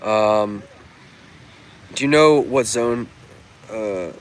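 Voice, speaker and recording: A man's voice: fairly low pitch, drawn-out words, slight background noise. A man hosting a casual outdoor livestream, answering viewer comments in an upbeat, chatty way with plenty of fillers. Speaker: livestream host. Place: outdoors on a sunny coast.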